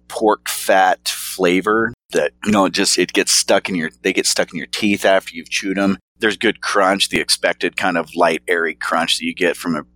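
A man's voice: deep voice, sharp tone. A man co-hosting a casual snack-review chat, laughing often and trailing off mid-sentence. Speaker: podcast co-host reviewing snacks.

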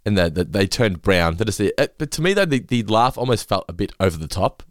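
An Australian podcast host with a lowish, sing-song voice talks quickly while recapping a sitcom episode in casual chat. He rambles, acts out quotes, and swears freely, and the studio sound is clean with no echo.

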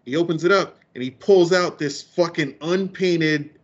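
A man's voice: on the high side, moderate pace, very noisy. A man on a casual podcast, telling a story and acting out every line of dialogue, with heavy slang and cursing, recorded in dull lo-fi audio. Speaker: podcast co-host.

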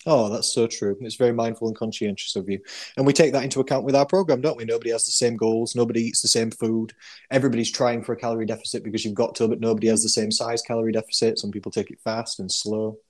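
A man's voice: medium pitch, fairly even intonation, fast talker. A man with a Yorkshire accent hosting a podcast, upbeat and chatty, laughing often. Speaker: podcast host. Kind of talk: casual chat.

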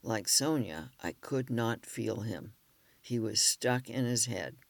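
Gentle man reading self-help narration. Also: mid-range voice, animated, creaky, no room sound. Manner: gentle, measured storytelling. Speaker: relationship counselor and author.

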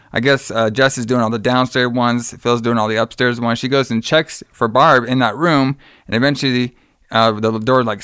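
A man's voice: mid-range voice, smooth, no echo, studio quality. A man in casual chat, retelling a film scene by scene, filler-heavy, jumping into raised voices to act out the characters' lines. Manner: animated retelling, acting out lines in raised voices, swears freely. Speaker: podcast co-host recapping a film.

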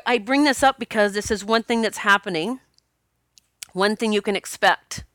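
Bright, clear-voiced chatty woman. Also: lowish voice, no echo, studio quality. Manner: chatty, laughs often, rambling restarts. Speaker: spiritual vlogger. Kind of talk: casual confessional monologue.

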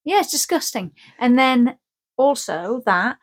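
A woman's voice: on the high side, expressive, a little slow. A woman co-hosting a podcast in casual chat, rambling and joking, acting out little scenes. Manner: rambling, jokey, acts out scenes. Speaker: podcast co-host.

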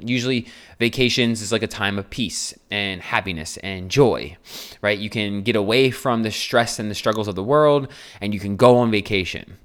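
A man's voice: fairly low pitch, a bit bright. A man from New Jersey, a coach hosting a podcast, talking in a casual monologue that is emphatic and repetitive, with frequent swearing and rhetorical questions. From New Jersey, USA.

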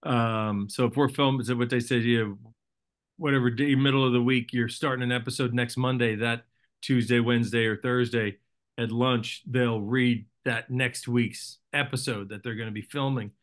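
A man's voice: mid-range voice, steady tone, moderate pace. A man, an actor guest in a casual interview, rambling through stories with self-deprecating jokes.

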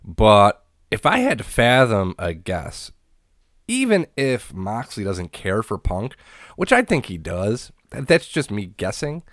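A man co-hosting a casual wrestling podcast, offering relaxed guesses and opinions. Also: fairly low pitch, takes it slowly, no echo, clean studio sound. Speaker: podcast co-host.

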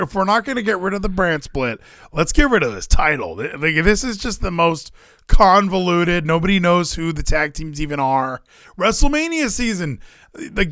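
A man co-hosting a casual chat, talking in excitable rants. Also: a little high, no echo, studio quality. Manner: excitable, quick rants with laughs. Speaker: podcast co-host.

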